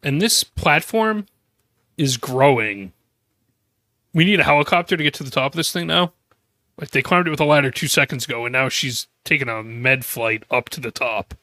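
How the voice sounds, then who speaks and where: A man's voice: mid-range voice, lively intonation, moderate pace, sharp tone, no echo. A man co-hosting a podcast who makes wry, sarcastic complaints about an episode's silly moments. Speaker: podcast co-host. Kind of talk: casual episode recap.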